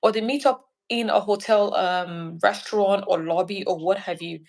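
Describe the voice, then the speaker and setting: Lady guest on a chat show, animated, acts out little scenes as she talks. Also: mid-range voice, moderate pace, creaky. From Nigeria. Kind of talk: casual interview chat.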